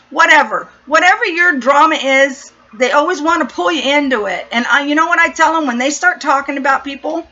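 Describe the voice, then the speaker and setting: A woman's voice: sits high, a little fast, hardly any pauses, sharp tone. A middle-aged woman from San Diego telling a story in casual, blunt, profane chat. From San Diego, USA. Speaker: vlogger. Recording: dull lo-fi recording.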